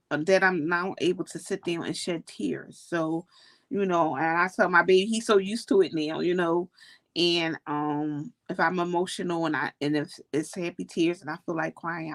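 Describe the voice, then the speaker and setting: A woman's voice: lowish voice, a bit bright, dry recording. A woman chatting casually from home on a livestream, rambling with many "you know"s and laughing often. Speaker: livestream host. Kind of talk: casual heartfelt livestream chat. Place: at home, indoors.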